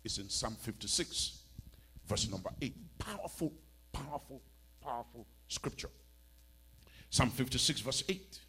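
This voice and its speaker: A man preaching a sermon, swinging from hushed storytelling to loud emphatic cries and repeating lines for effect. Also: medium pitch, lively intonation, unhurried, pauses often, breathy edge.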